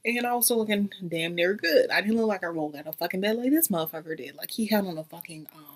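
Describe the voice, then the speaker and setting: A woman's voice: medium pitch, fast talker. A woman, telling a brash, profane storytime rant to her viewers. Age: 20s. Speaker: YouTuber.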